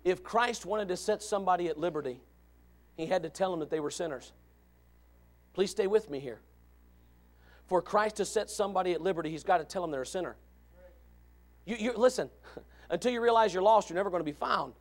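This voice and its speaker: Man, pastor, high and gravelly, sermon delivery with big loud-soft swings. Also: brisk, long pauses. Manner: swings between loud shouting and low murmured asides.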